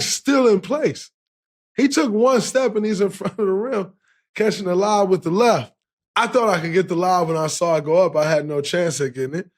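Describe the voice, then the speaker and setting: Animated man telling a profane story. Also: on the high side. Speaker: podcast host. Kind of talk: casual storytelling.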